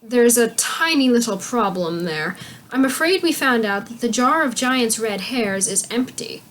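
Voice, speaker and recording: A woman's voice: fairly high pitch, animated, unhurried, a bit bright, slight background noise. A woman voicing a shy, bumbling knight and father who has been turned into a pink pig. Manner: apologetic, bumbling.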